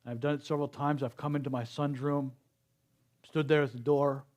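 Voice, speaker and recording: Male speaker, middle-aged, higher register, slow earnest sermon delivery. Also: level tone, a little mellow. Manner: slow, earnest preaching with acted-out quotes. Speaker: speaker at a spiritual center service.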